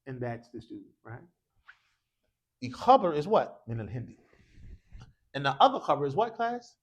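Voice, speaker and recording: A man's voice: medium pitch, moderate pace, dull audio. A man teaching an Arabic grammar class in a mosque, leading his students through drills and slipping into slangy asides. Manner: animated, calls for repetition, slangy asides.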